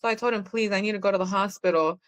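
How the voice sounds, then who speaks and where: Woman, podcast guest, candid testimony, plainspoken, mid pitch. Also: very fast. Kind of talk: personal testimony.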